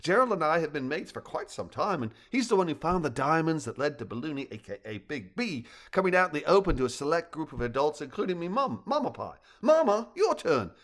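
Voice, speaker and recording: A man voicing a chummy, brisk young male squirrel in a storybook reading. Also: fairly high pitch, very animated, fairly bright tone.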